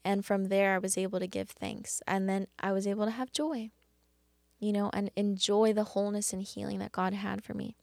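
A woman hosting a faith devotional talk, speaking earnestly and haltingly with many restarts. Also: medium pitch, fairly even intonation, vocal fry, darkish tone, no echo. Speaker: podcast host.

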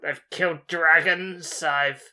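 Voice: mid-range voice, steady tone, takes it slowly, sharp tone. A tabletop player voicing a pompous male human sorcerer who brags about his deeds. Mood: boastful. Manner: pompous, bragging.

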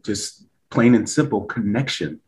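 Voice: mid-range voice, animated, a little slow, a little mellow, poor audio. Encouraging podcast host. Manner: encouraging, frequent short affirmations. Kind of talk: casual podcast interview.

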